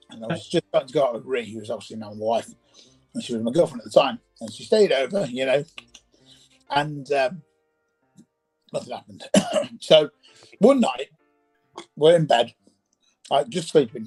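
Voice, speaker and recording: A man casually telling a personal ghost story, animated and acting out the voices in it, with faint music behind. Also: mid-range voice, normal speed, long pauses, slightly rough, low-quality recording.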